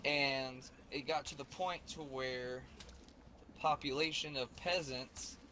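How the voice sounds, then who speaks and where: A man's voice: mid-range voice, steady tone, slow pace, bright, forceful tone, a little hiss or hum. An American man chatting casually on a stream, rambling and profane, with many restarts. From United States.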